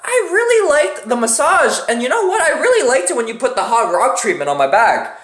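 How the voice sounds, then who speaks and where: A dreamy, content young woman who stretches out her words in a lifted sing-song voice, as a man puts her on. The voice is bright and swoops up and down. It echoes in a roomy space. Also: very high voice, big pitch swings, a little fast, pitched above the performer's own voice, full character voice.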